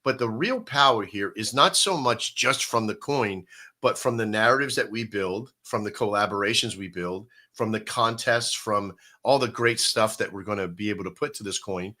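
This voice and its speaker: A man with a low-pitched voice that still sounds bright and forceful. He explains things in an animated, conversational way and keeps checking in with his listeners. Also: normal speed. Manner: animated, explaining with rhetorical "right?". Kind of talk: casual live-stream chat.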